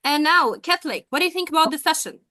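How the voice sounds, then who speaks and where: Bright high-voiced bubbly woman teacher. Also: lively intonation, quick pace, dry recording, studio quality. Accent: American-style English. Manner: bubbly, enthusiastic, gushing praise. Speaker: English session teacher. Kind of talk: casual speaking practice on a video call. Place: video call.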